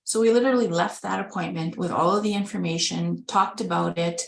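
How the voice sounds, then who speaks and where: A woman's voice: lowish voice, fairly even intonation, fairly quick, creaky. A woman from Winnipeg, Canada, a caregiver and organ donation advocate, telling her own story over a video call in an earnest, conversational way and acting out remembered dialogue. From Winnipeg, Manitoba, Canada. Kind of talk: personal storytelling in a webinar. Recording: echoey room.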